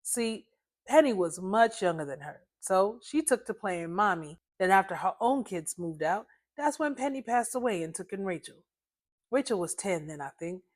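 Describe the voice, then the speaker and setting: A woman's voice: medium pitch, lively intonation, moderate pace, lightly acted. A woman voicing Uncle, a blunt, wry old man telling family history in a story reading. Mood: recounting.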